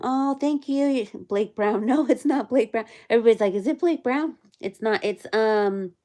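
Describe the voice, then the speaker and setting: Chatty woman recapping a hearing. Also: medium pitch. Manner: chatty, many fillers, reads chat aloud, quotes people in animated voices. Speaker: livestream host recapping court hearing. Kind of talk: casual livestream recap.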